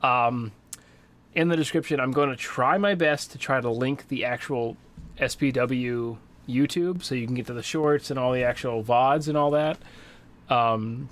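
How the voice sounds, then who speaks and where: A man's voice: mid-range voice, moderate pace, fairly bright tone. Rambling gamer podcast guy. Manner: loose, rambling, lots of fillers. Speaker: podcast co-host. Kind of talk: casual chat.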